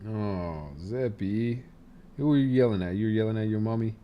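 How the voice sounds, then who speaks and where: A young man chatting casually on speakerphone, playfully teasing a friend and then gently talking with his small son. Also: on the low side, moderate pace, dull audio, a little hiss or hum. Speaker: streamer and father. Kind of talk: casual phone chat.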